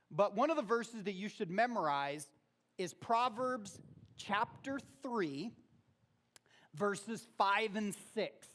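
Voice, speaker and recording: A man preaching a sermon in a church, talking casually and rising loud on quoted verses. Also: high voice. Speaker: pastor. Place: church auditorium.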